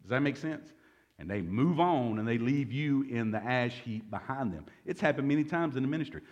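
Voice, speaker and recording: A man preaches a sermon as pastor. His pitch swings widely, and his tone is casual and joking as he asks the congregation for responses. He sits in the middle range for a man's voice. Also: expressive, fairly quick, a little mellow, lo-fi sound. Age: 40s. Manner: conversational, joking, calls for audience response.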